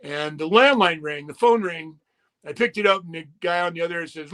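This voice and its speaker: A man's voice: a little high, fairly quick, bright, forceful tone. An older man, a former wrestler, telling long profane anecdotes in a casual interview, acting out the people he quotes. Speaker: retired wrestler and musician, guest.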